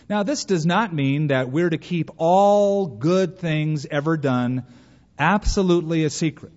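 A man preaches a folksy sermon and briefly acts out the people he describes. His voice sits a little high for a man. The sound is muffled and trails off in the long reverb of a church hall. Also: expressive, moderate pace, a little mellow. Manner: folksy, plays out quoted voices. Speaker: pastor.

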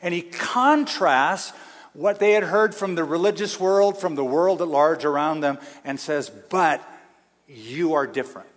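A man preaching a sermon to a congregation, emphatic, slowing down to stress key phrases and asking the room to answer him. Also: a little high. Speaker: pastor. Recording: long hall reverb.

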